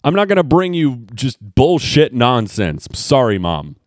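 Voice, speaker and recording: A man's voice: medium pitch, big pitch swings, unhurried, no echo, clean studio sound. A man hosting his own podcast, talking alone in sarcastic, rambling rants with some swearing. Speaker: podcast host. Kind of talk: casual solo commentary.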